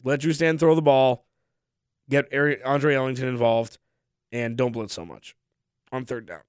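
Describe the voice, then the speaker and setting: A man's voice: mid-range voice, moderate pace, smooth, no echo, studio quality. A young adult man hosting a sports podcast, talking casually with a sore throat, rambling and trailing off at the ends of phrases. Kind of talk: casual solo podcast talk.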